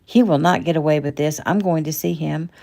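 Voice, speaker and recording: A woman's voice: low-pitched, steady tone, brisk, vocal fry, warm tone. A woman voicing an indignant, protective middle-aged mother in a read-aloud novel. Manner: demanding, indignant.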